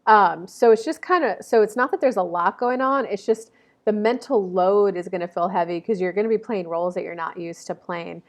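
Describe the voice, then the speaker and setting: Woman, 30s, casual zodiac reading, rambling, lots of fillers, mid-pitched voice, talking to camera. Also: a little fast. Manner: rambling, chatty, many fillers and self-corrections. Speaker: astrology reader.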